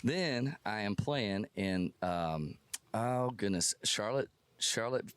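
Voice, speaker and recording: A man with a fairly low voice tells a story in a lively, self-deprecating way. His delivery is animated and casual. The sound is dry and close, with no room around it. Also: slow pace, clean tone, dry recording. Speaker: musician guest. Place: music festival.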